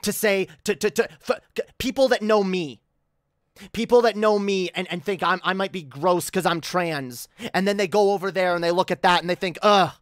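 A woman's voice: lowish voice, normal speed, no room sound, clean studio sound. A woman livestreaming an angry rant, annoyed and swearing a lot, often stammering and restarting her sentences. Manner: profane, heated, stammering restarts.

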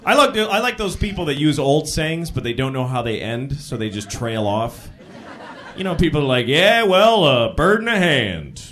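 A man performing a stand-up set on a live stage, talking conversationally with incredulous asides and sudden loud outbursts. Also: mid-range voice, animated, moderate pace, some chatter behind. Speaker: stand-up comedian.

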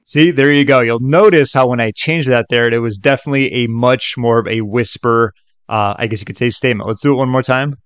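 A man at a middling pitch, talking casually through a tutorial and filling his sentences with "like" and "okay". His voice sits close and dry on a desk mic, with no room sound. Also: fairly quick, fairly bright tone, clear, resonant tone, no room sound. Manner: loose and chatty, many fillers like "like" and "okay". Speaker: tutorial host. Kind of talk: casual screen-recorded tutorial.

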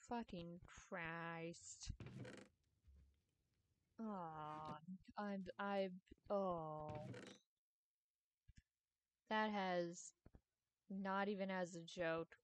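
An upset woman talks over her game in casual commentary, letting her words come slowly. She rambles and swears freely, plainly exasperated. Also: on the low side, slight background noise. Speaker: gamer.

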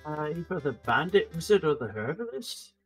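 A man playing a tabletop game, asking measured questions. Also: fairly high pitch, big pitch swings, slightly rough, soft background music, rough recording. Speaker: player. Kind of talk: casual tabletop play.

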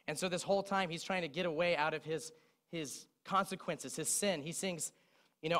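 Preaching a sermon, a young man retells song lyrics as he goes, reciting them in a speaking voice with lively storytelling. His pitch is fairly high and his pace a little fast.

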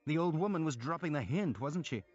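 A man's voice: fairly high pitch, lively intonation, muffled recording, soft background music, pitched above the performer's own voice. A man voicing a bitter, hot-tempered young man who speaks in a grating, accusing way in a storybook reading. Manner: grating, accusing, quick and sharp.

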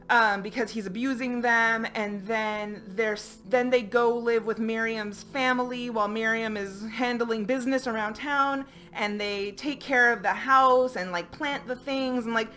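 A woman's voice: a little high, fairly even intonation, unhurried, sharp tone, faint music behind. A woman giving a casual, chatty book review with lots of fillers and playful asides.

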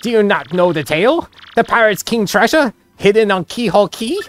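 A woman's voice: medium pitch, animated, moderate pace, close to an everyday voice. A woman voicing a pompous, greedy rich male merchant with theatrical fake-Italian phrasing, over faint game music. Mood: excited. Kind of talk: voicing game dialogue aloud.

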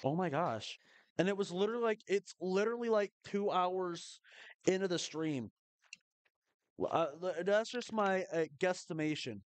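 Excitable male streamer narrating his own play live; a fairly high voice, recorded close and dry. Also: no echo. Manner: excitable, rapid repeated protests. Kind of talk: live gameplay commentary.

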